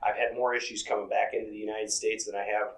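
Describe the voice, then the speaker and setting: Low-pitched and quick, this truck driver chats loosely in a laid-back interview, drifting from story to story with frequent "you know"s. The recording is rough.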